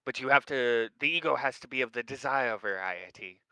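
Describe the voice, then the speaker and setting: A man at a tabletop game slowly and thoughtfully working through a plan. His voice is very bright and smooth, recorded dry and close. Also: mid-range voice, no echo, low-quality recording. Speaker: player. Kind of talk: casual tabletop role-play.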